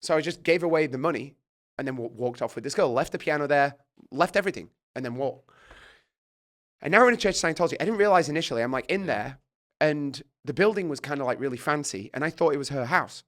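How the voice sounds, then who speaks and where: A middle-aged British man telling a story in casual chat, animated and swearing, acting out his own reactions. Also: on the high side, fast talker. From Britain. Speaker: guest.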